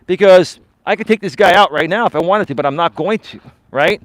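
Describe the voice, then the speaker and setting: Man, life coach, live stream rant, confrontational, high voice, dry close sound. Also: fairly quick, fairly bright tone, no echo. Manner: confrontational, repeatedly calls the listener bro and sir.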